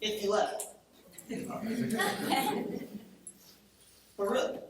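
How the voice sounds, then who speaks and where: A woman from Cleveland giving an energetic, chatty conference talk on a lapel mic in a large lecture hall. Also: fairly high pitch, extremely slow, background noise. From Cleveland, Ohio. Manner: animated, chatty, acts out quoted friends. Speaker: conference speaker. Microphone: collar lapel mic. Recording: very echoey hall, distant mic.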